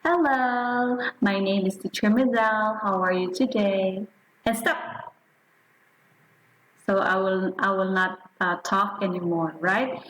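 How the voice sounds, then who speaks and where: Woman primary teacher, slow and deliberate, checks in with pupils a lot; echoey room recording. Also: mid-range voice, a little hiss or hum. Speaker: primary school science teacher. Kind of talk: online class lesson to young pupils.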